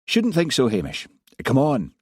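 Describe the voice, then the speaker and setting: A man voicing a brisk, offhand male detective inspector. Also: medium pitch, huge pitch swings, a little mellow, slightly rough, dry recording, clean studio sound, pitched above the performer's own voice, heavily acted.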